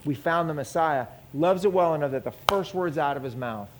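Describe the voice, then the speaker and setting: A man's voice: fairly high pitch, fairly quick, background noise. A man teaching a Bible passage in a conversational way, asking his listeners questions and acting out the people in the story. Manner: animated, asks the audience questions.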